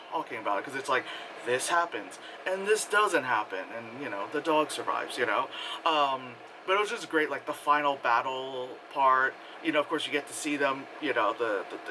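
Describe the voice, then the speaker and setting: A man giving a casual spoken movie review, rambling and excitable, full of fillers and acted-out quotes. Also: medium pitch, background noise.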